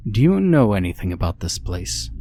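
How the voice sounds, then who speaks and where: A man's voice: lowish voice, sing-song, moderate pace, warm tone, a little hiss or hum. A man voicing a suspicious, evasive male ticket seller at an old theater, with a thick put-on Eastern European-Texan drawl.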